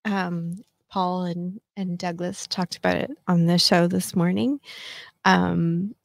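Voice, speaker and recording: A woman's voice: on the low side, fairly even intonation, takes it slowly, creaky, dry recording, studio quality. A woman in her fifties hosting a casual solo podcast chat, talking in a chatty, self-mocking way with lots of fillers. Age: 50s. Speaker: podcast host.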